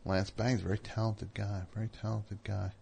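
A man's voice: lowish voice, moderate pace, vocal fry. Rambling man hosting a radio call-in. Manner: rambling, animated, trails off quietly. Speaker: radio show host. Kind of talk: casual call-in chat.

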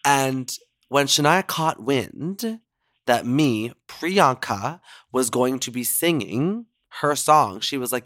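A male podcast host with a camp, animated manner who swears freely. His voice sits in a middle register and is recorded dry and close. He chats easily with callers. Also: medium pitch, slow, no room sound. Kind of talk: casual chat.

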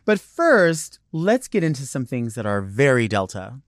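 A man's voice: mid-range voice, big pitch swings, unhurried, background noise. A man hosting a podcast alone, chatting in a rambling, digressive way full of fillers. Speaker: podcast host. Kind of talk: casual solo monologue.

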